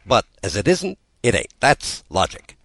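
A man's voice: on the low side, very animated, measured pace, fairly bright tone, breathy edge, no echo, pitched above the performer's own voice, heavily acted. A pedantic, contrary little round man out of a storybook, as a male narrator voices him. He argues in a fussy, climbing voice that swings widely. The sound is dry and close. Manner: argumentative, logic-chopping.

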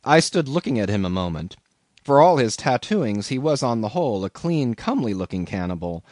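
A man's voice: lowish voice, a little fast, no room sound, clean studio sound. Man narrating a classic novel expressively. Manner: expressive storytelling reading. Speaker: audiobook narrator. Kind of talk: scripted audiobook narration.

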